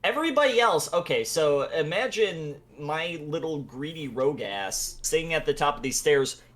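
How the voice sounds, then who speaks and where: Bright, lively man recapping a tabletop game. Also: fairly high pitch, moderate pace. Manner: animated, laughing, acts out voices in the retelling. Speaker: player recapping a session. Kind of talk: casual recap chat.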